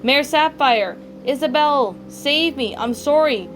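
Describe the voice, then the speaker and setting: Sadistic raccoon villain read by a woman, sneering rants, fairly high voice. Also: unhurried, slight background noise, lightly acted. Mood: panicked. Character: ruthless sadistic male raccoon businessman.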